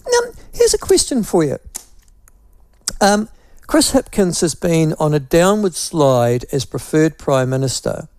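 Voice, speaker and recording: A man's voice: a little high, darkish tone, no room sound, clean studio sound. A man with a New Zealand accent hosting talkback radio, teasing apart a phrase with wry, mocking repetition. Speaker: talk radio host.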